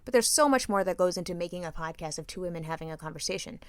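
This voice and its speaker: A woman co-hosting a podcast, telling a story in a lively way, acting out quotes and laughing often. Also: lowish voice, rapid-fire, no room sound. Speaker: podcast co-host. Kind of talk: casual storytelling chat.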